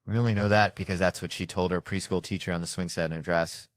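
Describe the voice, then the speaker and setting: Male stand-up comic with a lowish voice, profane and rambling delivery, dry sound. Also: fairly even intonation, fast talker, no echo. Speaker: stand-up comedian. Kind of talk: stand-up set.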